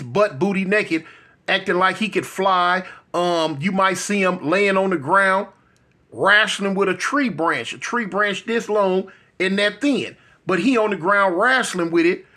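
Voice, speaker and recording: A man spins a long tale in a relaxed, conversational voice, sitting somewhat high for a man. He keeps checking in with his listener as he goes. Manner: loose, conversational, frequent asides to the listener. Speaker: storyteller. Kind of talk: casual street storytelling.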